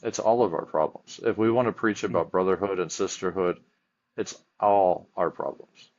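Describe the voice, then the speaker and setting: Male firefighter-chaplain guest, very low voice, earnest rambling storyteller, muffled lo-fi audio. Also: normal speed. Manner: earnest storyteller with frequent restarts. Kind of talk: casual podcast conversation. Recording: dull lo-fi audio.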